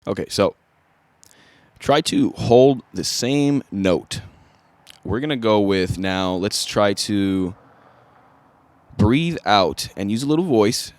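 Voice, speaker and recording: A man with a fairly low voice talks through a vocal lesson in a relaxed, casual way. The sound is dry and close, with no room echo. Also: slow pace, pauses often. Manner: casual, easygoing instruction. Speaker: vocal coach. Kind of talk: singing tutorial.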